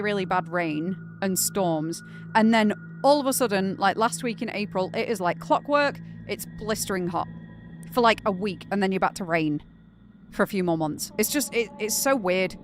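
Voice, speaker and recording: A woman's voice: mid-range voice, measured pace, soft background music. A young woman from Greater Manchester with a Northern English accent, chatting casually and rambling with lots of fillers while live streaming a game. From Greater Manchester, England.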